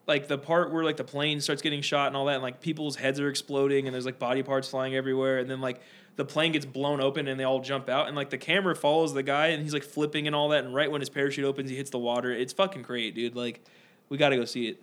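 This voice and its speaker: A man's voice: medium pitch, quick pace. A man co-hosting a podcast, telling rambling stories in casual chat and mimicking the people in them. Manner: rambling, animated storytelling with mimicked voices. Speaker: podcast co-host.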